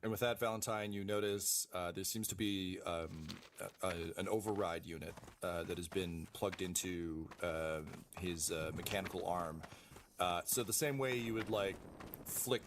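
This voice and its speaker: A man running a tabletop role-playing game as game master, describing scenes in a halting way full of fillers. His voice sits low, and clear background noise runs under it.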